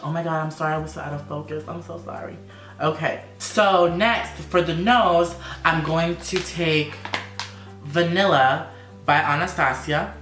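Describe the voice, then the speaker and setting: A man's voice: on the high side, a bit bright. A man talking through a makeup tutorial vlog in a sassy, campy, playful way. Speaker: makeup vlogger. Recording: echoey room.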